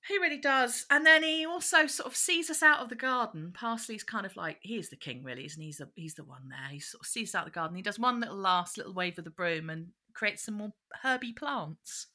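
Woman co-host, bright and animated, casual recap talk. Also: medium pitch, fairly quick, hardly any pauses. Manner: animated retelling, bursts into quoted voices. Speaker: podcast co-host. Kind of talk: casual chat recapping a children's show.

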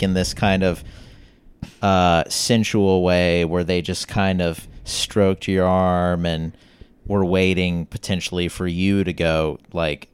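A man in casual chat, hesitant and unhurried, asking rambling follow-up questions. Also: deep voice, smooth, no room sound.

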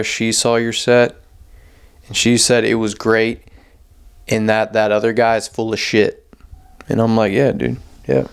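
A young man, a podcast host and open-mic comedian, rants alone on his podcast, profane and rambling and often losing his train of thought. His voice is mid-range and smooth.

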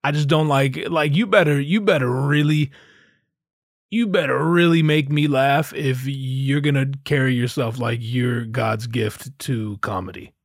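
A man's voice: medium pitch, unhurried, no room sound, clean studio sound. A man hosting a podcast, riffing sarcastically and profanely in a casual comedic monologue. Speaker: podcast host.

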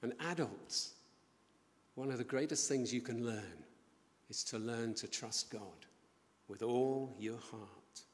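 Preacher in a reverberant church. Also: male voice, mid-range voice, measured pace, long pauses. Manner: storytelling, animated, acts out quoted voices. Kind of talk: sermon. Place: church building.

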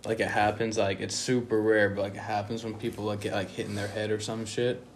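A man's voice: fairly low pitch, little pitch movement, a little fast, a little hiss or hum. A young man hosting a casual podcast chat, laid-back and rambling, full of slang. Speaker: podcast host.

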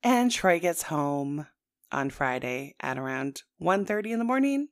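A woman's voice: deep voice, big pitch swings, measured pace. A woman in her thirties co-hosting a podcast in casual chat, with a sing-songy way of talking. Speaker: podcast co-host.

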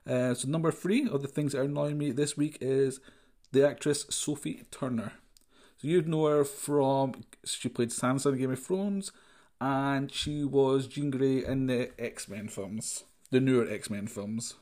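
A man's voice: mid-range voice, a little slow, a little mellow. Male podcaster; sarcastic, rambling comic ranter. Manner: sarcastic, rambling, many fillers. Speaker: podcast host. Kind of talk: comic ranting monologue.

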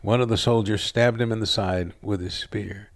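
A man reading a scripture passage aloud in a steady, earnest storytelling manner. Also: on the low side, normal speed, creaky. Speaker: scripture reader.

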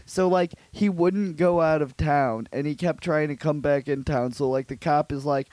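Rambling crude podcast guy, slightly high. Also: moderate pace, hardly any pauses, darkish tone. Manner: rambling retelling, slips into goofy voices for characters. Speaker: podcast co-host. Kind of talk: crude casual chat.

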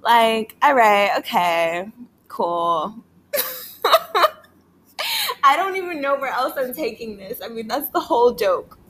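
A woman with a slightly high voice talks through a loose solo podcast, rambling, swearing freely and laughing often between thoughts. She sounds high and unhurried, full of filler words. A faint hiss of noise sits under her voice. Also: animated. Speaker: podcast host. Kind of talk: casual solo podcast monologue.

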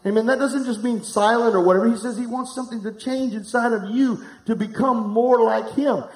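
High-voiced preacher man, echoey room. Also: fairly even intonation, a little fast. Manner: candid, humorous, talks to the congregation directly. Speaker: pastor. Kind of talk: sermon with personal story. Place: church hall, live before a congregation.

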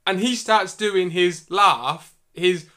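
A man's voice: high-pitched, takes it slowly, pushed and bright. A man co-hosting a podcast, chatting casually and telling stories with repeats and fillers. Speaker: podcast co-host. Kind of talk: casual chat.

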